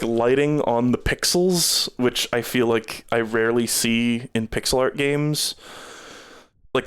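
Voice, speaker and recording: A man's voice: mid-range voice, clear, resonant tone. A man streaming live, giving rambling casual game reviews with many fillers, tired and starting to lose his voice.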